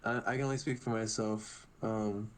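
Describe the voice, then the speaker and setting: A man's voice: fairly low pitch, steady tone, moderate pace. Rambling young American guy. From United States. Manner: rambling, filler-heavy. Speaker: podcast co-host. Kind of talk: casual chat.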